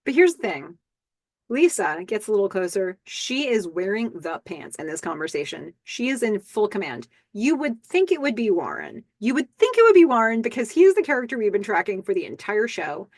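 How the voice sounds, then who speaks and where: A woman hosting a podcast, recapping a TV episode in a casual, animated way and reading the characters' lines aloud in playful voices. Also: mid-range voice, a little fast, no echo.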